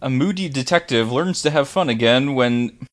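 A man co-hosting a casual movie podcast, reading out his jokes in a dry, deadpan way. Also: mid-range voice, normal speed. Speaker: podcast co-host.

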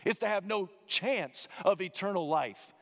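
A man delivers a sermon with dramatic emphasis, stretching key words and swinging his pitch up and down. His voice sits a bit high for a man. The sound carries a long reverb, as from a large church sanctuary. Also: unhurried, vocal fry. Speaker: preacher.

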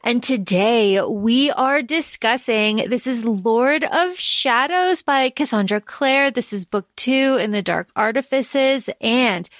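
Woman, podcast co-host, casual chat, animated and rambling, higher voice, dry close mic. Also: slow, few pauses, no room sound. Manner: animated, rambling storytelling with restarts.

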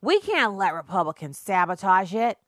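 A woman putting on a slurred, drunken-sounding voice for a male senator, with a slow and mocking delivery. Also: medium pitch, sing-song, no echo, clean studio sound, close to an everyday voice.

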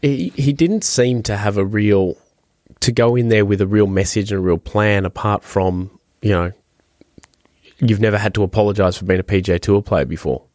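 A man co-hosting a golf podcast in casual chat, animated and restarting his phrases as he thinks. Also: fairly low pitch, normal speed, no room sound, clean studio sound. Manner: animated, repeats words while thinking.

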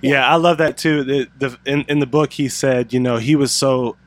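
Male host, thirties, mid-pitched, casual and halting, asks follow-ups. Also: fairly even intonation. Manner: halting, restarts phrases, friendly follow-up questions. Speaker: interviewer host. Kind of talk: casual interview conversation.

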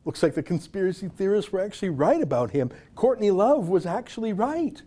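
A man's voice: sits high, animated, fairly quick, dark tone. A man delivering an opinion monologue as a political commentator, sarcastic and incredulous, firing rhetorical questions.

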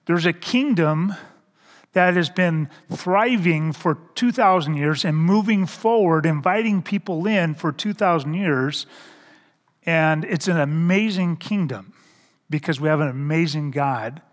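A middle-aged man preaching a sermon as a pastor, in a slow, halting way that repeats words and poses rhetorical questions. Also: on the high side. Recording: reverberant hall.

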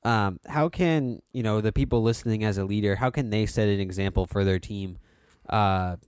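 A man's voice: lowish voice, normal speed, darkish tone, clear, resonant tone, no room sound, studio quality. A man co-hosting a podcast, mostly agreeing with short replies and asking a question. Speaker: podcast co-host. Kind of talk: casual podcast chat.

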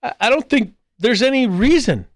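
High-voiced man delivering political commentary. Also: expressive, moderate pace, no echo, clean studio sound. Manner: argumentative, with mocking mimicry of squabbling voices. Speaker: podcast host.

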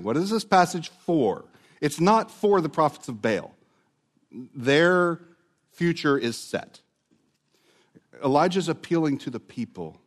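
A man preaching a sermon, earnest and building to emphatic repetition. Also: medium pitch. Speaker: pastor.

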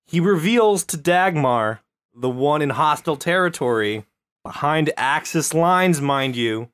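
A man's voice: fairly high pitch, lively intonation, unhurried, fairly bright tone, clean tone. Crude joking male podcast host. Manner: crude, joking, tells a history story with asides. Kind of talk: casual comedic storytelling.

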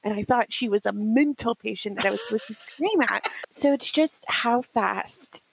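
A young woman telling stories in a casual podcast chat, animated and laughing often, acting out what others said. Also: a little high, moderate pace, creaky, a little hiss or hum, low-quality recording. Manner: animated, acts out quoted voices, laughs often.

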